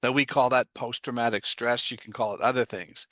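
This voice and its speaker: A man's voice: medium pitch, steady tone, a little fast, a bit bright, no echo. A man giving an explanatory talk, asking himself rhetorical questions and answering them. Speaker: guest speaker on trauma. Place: online livestream.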